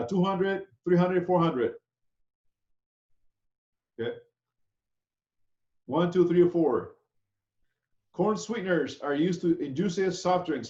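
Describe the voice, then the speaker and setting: Chatty chef instructor on a dull, echoey call. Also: male voice, a little high, a little mellow. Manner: chatty, loose, keeps asking "okay?". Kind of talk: casual online class lecture. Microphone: video call.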